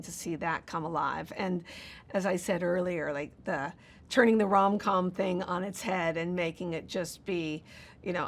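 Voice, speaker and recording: A woman's voice: on the low side, slight background noise. Rambling woman producer, casual interview. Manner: casual, rambling, many fillers. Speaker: film producer. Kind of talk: press junket interview.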